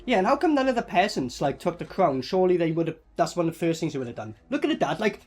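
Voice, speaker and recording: A man doing a casual movie reaction, excitable and swearing freely as he comments. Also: high voice, quick pace, hardly any pauses, faint music behind. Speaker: movie reviewer.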